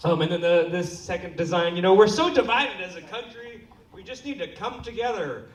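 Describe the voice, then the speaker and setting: A man's voice: high-pitched, a little fast, a little hiss or hum. A young man from Seattle performing a crude, self-deprecating stand-up set and playfully bossing the crowd into clapping. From Seattle, USA. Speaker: stand-up comedian. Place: comedy club stage. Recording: echoey club audio from far off.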